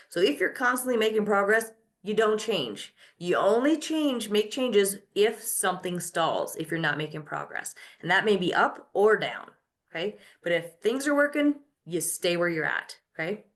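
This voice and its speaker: A woman's voice: mid-range voice, a bit bright. A middle-aged woman hosting a live online masterclass, coaching her listeners and asking and answering her own questions. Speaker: host.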